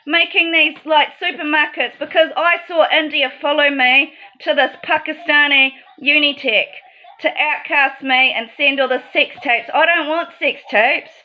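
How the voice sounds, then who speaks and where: Aggrieved woman ranting, high voice. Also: steady tone, measured pace, highs cut off. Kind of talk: emotional monologue to camera.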